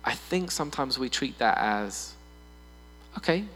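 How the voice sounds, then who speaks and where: A man preaching a sermon in a church hall, animated and playful, often putting on voices for humor. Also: mid-range voice, unhurried. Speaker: pastor. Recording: long reverb in a hall with mains hum.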